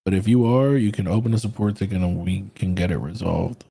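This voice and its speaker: A man with a low-pitched, mellow, dark voice hosts a livestream. He talks casually and bluntly, full of slang and profanity, answering chat questions off the cuff. It sounds unhurried and relaxed. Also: gravelly, husky. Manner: laid-back, slangy and profane, reads chat aloud. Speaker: livestream trading host.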